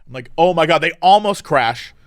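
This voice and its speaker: A man with a high, very lively voice tells a long story. He jumps in and out of other people's lines as he goes. The recording is close and dry. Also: moderate pace, smooth, no room sound. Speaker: podcast co-host. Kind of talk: casual storytelling.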